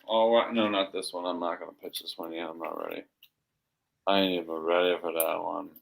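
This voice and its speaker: A man co-hosting a live comic shopping stream, pitching books and games with animated asides. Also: fairly quick, gravelly, rough recording. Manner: animated, acts out story voices. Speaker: co-host selling comics.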